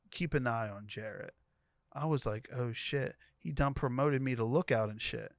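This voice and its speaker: A man's voice: medium pitch, dry recording, clean studio sound. A man co-hosting a podcast, reading a profane story thread aloud and quoting each character in turn. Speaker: podcast co-host.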